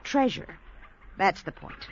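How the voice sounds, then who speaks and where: In a dull, lo-fi old radio broadcast from the 1950s, an actress plays a scheming woman who teases her lover, demands money and laughs mockingly. Her delivery is slow and lightly acted, with a little hiss or hum.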